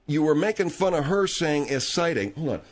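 A man's voice: a little high, animated, normal speed. A man hosting a radio talk show, bickering with his co-host and coughing from a tickle in his throat. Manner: exasperated, bickering.

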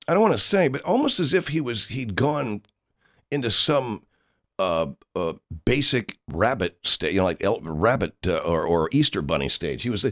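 A low-voiced man delivers a rambling comic monologue, stopping and restarting his sentences as he spins deadpan tall tales. His pitch swings widely despite its depth, and the sound is close and dry with no room in it. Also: moderate pace, dry recording. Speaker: horror filmmaker persona, show host.

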